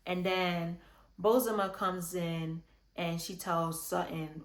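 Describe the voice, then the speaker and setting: Woman rambling thru a reality show recap, kinda low voice, roomy echo. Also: measured pace. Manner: chatty, opinionated, many restarts and "like" fillers. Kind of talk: casual recap commentary.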